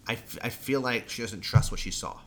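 A man's voice: fairly low pitch, a little fast, a bit bright, slight background noise. A man co-hosting a podcast in casual chat, rambling and jokey, often stammering and restarting. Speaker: podcast co-host.

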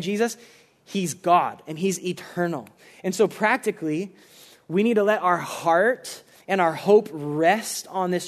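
A young man preaching a casual, animated sermon, talking conversationally and saying "like" often. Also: high voice. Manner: animated, conversational, heavy use of "like".

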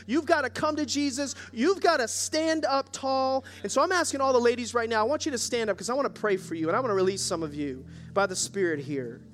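During a church service, a male pastor with a very high, fairly bright voice preaches a sermon. He exhorts the congregation and calls on them to respond.

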